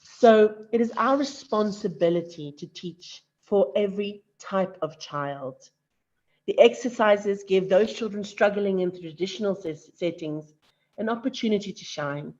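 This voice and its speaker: A woman presenting on arts education at a conference, explaining in a measured way. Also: medium pitch, a little mellow. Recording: slightly dull, lo-fi audio.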